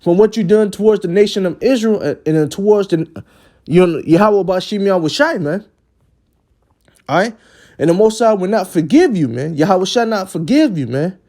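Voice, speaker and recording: A man's voice: sits high, lively intonation, normal speed, a little mellow. A man giving a religious lesson in an emphatic preaching style. He often ends phrases with "man" and sometimes stumbles and repeats words. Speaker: religious teacher.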